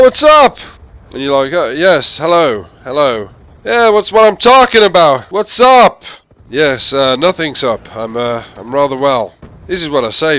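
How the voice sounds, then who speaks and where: A drunk English man talking over gameplay, wandering between jokes and stories. His voice is bright and forward, at an ordinary pitch for a man. The tone stays loose and rambling. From England. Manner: rambling, jokey. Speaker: gaming commentator. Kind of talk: tipsy gameplay commentary.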